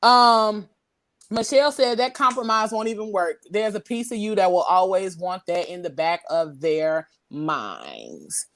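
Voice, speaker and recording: A woman's voice: mid-range voice, expressive, a little slow, no room sound. A woman hosting a podcast in casual livestream chat, slangy and candid, laughing often as she reads comments. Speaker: podcast host.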